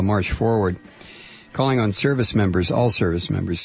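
A man's voice: low voice, gravelly, darkish tone. A man hosting talk radio, reading quotes aloud and commenting with frequent hesitant fillers. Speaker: radio host.

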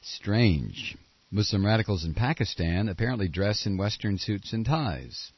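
A man hosting a political talk radio show, sarcastic, and now and then breaking into shouted tirades. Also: on the low side, lively intonation, unhurried, husky, dry recording. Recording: dull lo-fi radio broadcast.

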